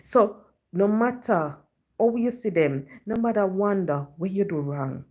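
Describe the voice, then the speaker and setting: A woman's voice: medium pitch, lively intonation, a little slow, narrow, tinny audio. A Jamaican woman telling a story to her live-stream viewers in chatty patois, often dropping in "you know".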